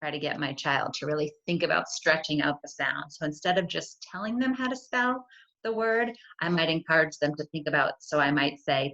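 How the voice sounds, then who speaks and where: A woman's voice: low-pitched, moderate pace, creaky, a bit bright. A middle-aged woman, a school curriculum coordinator, talks parents through spelling strategies in a conversational way, often checking in with "right?". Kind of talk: friendly teaching walkthrough for parents. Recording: dull lo-fi computer audio.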